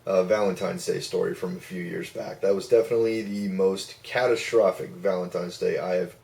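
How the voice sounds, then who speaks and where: A man telling a personal story to camera in a casual, rambling way, swearing freely and getting animated. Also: low voice, brisk, creaky, recorded from a distance.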